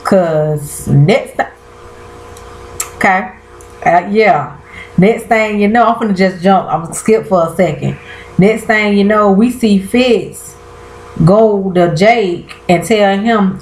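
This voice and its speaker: A woman's voice: mid-range voice, slow. Chatty woman recapping a TV episode. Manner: chatty, colloquial, addresses viewers as y'all; animated, trails off and restarts often. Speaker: TV show recapper. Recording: roomy echo.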